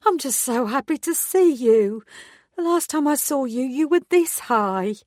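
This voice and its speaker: A woman's voice: high-pitched, animated, a little slow, darkish tone, no room sound, studio quality, voice pushed up. A woman voicing an effusive, gossipy village woman in her mid-forties in an audiobook. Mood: excited. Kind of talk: audiobook character voice.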